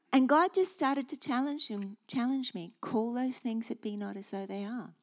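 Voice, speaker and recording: A woman's voice: medium pitch, brisk. Emphatic New woman preaching. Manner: emphatic, declarative, with sudden hushed asides. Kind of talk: sermon.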